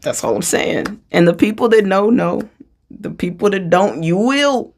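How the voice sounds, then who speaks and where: A spiritual channeler speaking a freestyle channeling monologue, animated and chatty and often laughing. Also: mid-range voice, normal speed, creaky. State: out of breath.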